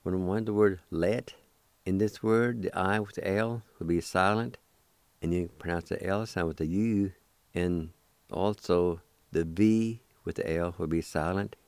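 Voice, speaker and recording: Slow, deep-voiced man teaching. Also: darkish tone, smooth, no echo. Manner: patient, spells letters one by one and repeats words slowly. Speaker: radio host teaching the language. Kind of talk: slow spelled-out language lesson.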